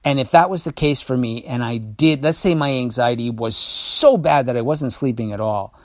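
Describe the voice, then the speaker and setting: Male podcast host, mid-pitched, dry close sound; candid, halting storytelling full of restarts. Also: no echo. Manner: halting, many restarts and fillers; reflective, confessional.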